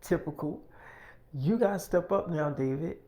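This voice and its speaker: A man's voice: a little high, normal speed, dark tone. A man improvising a role-play story in a casual, profane, slangy way.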